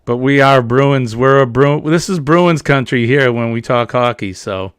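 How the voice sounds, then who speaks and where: A man with a Boston accent hosting a live stream, chatting casually in a relaxed, drawn-out way. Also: medium pitch, clean tone, no echo, studio quality. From New England. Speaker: livestream host. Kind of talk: casual chat.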